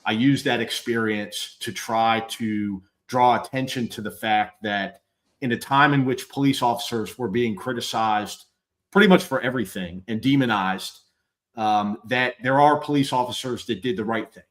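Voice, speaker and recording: A middle-aged man, a former police officer hosting a live show, talking candidly and bluntly with halting repeats and swearing. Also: medium pitch, fairly bright tone. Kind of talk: candid conversational chat.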